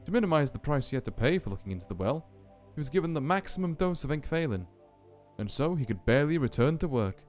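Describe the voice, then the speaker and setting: A man voicing a calm, solemn female graveyard keeper with a faint put-on Scottish lilt, speaking slowly and ominously over faint music. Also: a little high. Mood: eerie. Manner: slow, deliberate, ominous storytelling.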